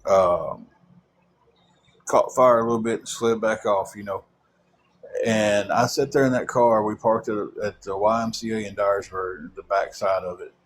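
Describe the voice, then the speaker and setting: Man, young adult, lowish voice, rambling storytelling, halting with fillers, faint background noise. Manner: rambling, halting with many fillers and repeated words. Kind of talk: personal storytelling.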